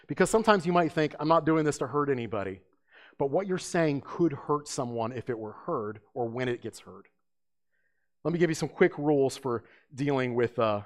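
A man preaching an emphatic sermon as pastor, asking his listeners rhetorical questions. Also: mid-range voice.

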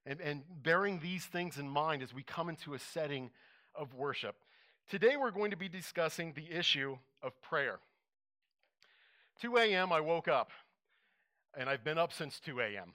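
A male pastor delivering a sermon, telling an animated story and acting out his own reactions. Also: on the high side, normal speed.

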